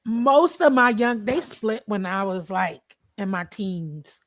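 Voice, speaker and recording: A woman in a casual chat who tells lively stories, acts out what others said, and laughs often. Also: mid-range voice, slow. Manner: animated storytelling, acting out quotes, laughing.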